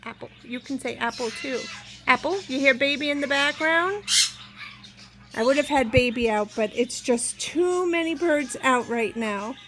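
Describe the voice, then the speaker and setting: A woman's voice: high voice, moderate pace. A middle-aged woman who keeps parrots, chatting casually to her viewers and gushing to her birds in a sing-song baby-talk voice, often laughing. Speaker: parrot keeper at a home zoo. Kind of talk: casual vlog, talking to her pet birds. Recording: noisy room with squawking birds. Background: parrots squawking and chattering.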